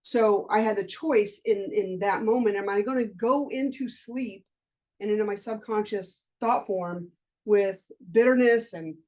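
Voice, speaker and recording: Her medium-pitched voice is a little mellow as she runs a live workshop as a life coach, mixing lecture with frank personal anecdotes in a conversational style, with casual swearing.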